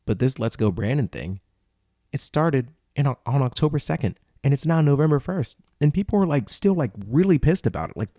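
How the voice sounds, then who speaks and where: A man's voice: medium pitch, animated, normal speed, dark tone, dry recording, studio quality. A young man hosting a podcast, reading tweets aloud and ranting about them in an incredulous, casual way, sometimes putting on mock voices. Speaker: podcast host.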